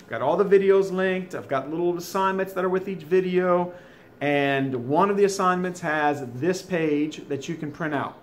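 A fairly high-voiced man walks through a French lesson at home, chatty and folksy. A faint hiss of background noise sits under his voice. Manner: chatty, folksy asides between explanations. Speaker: French teacher. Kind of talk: recorded video lesson. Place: home, during school closure.

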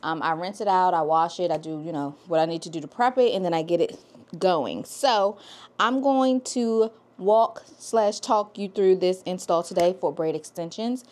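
A woman's voice: fairly low pitch, moderate pace, a little mellow. A woman loctician casually walking viewers through a hair install and checking in with them as she goes. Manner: chatty, talks straight to viewers with "okay?" tags. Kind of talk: casual hair tutorial vlog.

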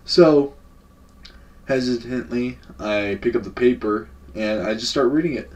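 A man's voice: medium pitch, steady tone, moderate pace, darkish tone. A young man telling a casual story-time vlog in a laid-back, slangy and profane way. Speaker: vlogger. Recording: voice a bit far from the mic.

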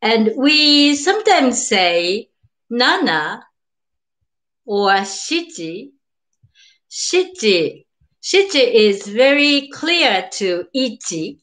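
Slow, patient older Japanese-accented woman. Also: fairly high pitch, big pitch swings, a bit bright. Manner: slow and patient, repeats words, laughs often, greets viewers. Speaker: Japanese teacher. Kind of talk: live-streamed beginner language lesson.

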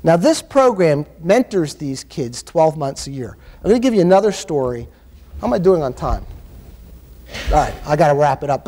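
A man's voice: a little high, big pitch swings, moderate pace, warm tone, a little hiss or hum. A man giving a conference keynote, telling stories in an emphatic, impassioned way. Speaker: keynote speaker. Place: university conference hall. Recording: long hall reverb.

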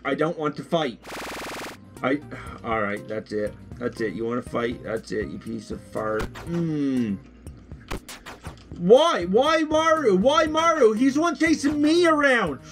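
A man giving casual gameplay commentary as a YouTuber, excitable, jokey and easily frustrated. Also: on the high side. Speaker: gaming YouTuber.

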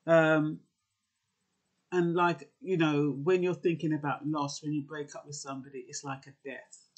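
A man talks through relationship advice in an earnest, conversational way, pausing on fillers and restarting his sentences. His voice sits a little high for a man and has a husky, breathy edge. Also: level tone. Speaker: advice vlogger. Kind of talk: casual advice talk.

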